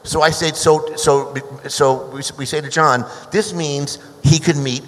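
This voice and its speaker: A man on a panel telling a long behind-the-scenes story, restarting often and turning animated when he quotes others. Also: fairly high pitch, unhurried. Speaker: screenwriter guest. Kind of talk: anecdotal panel talk. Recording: hall reverb.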